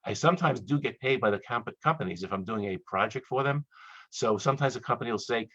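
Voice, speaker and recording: A man giving a chatty, joking lecture to dentists over a webinar, quickly acting out little quoted exchanges. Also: lowish voice, a bit bright, no echo. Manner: fast, chatty, joking asides, acts out quoted voices. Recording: dull, dry lo-fi webinar audio.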